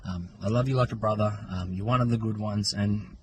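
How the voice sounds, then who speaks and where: A man's voice: fairly low pitch, fairly quick, background noise. An Australian man recording a farewell message from his car, joking roast mixed with sentiment.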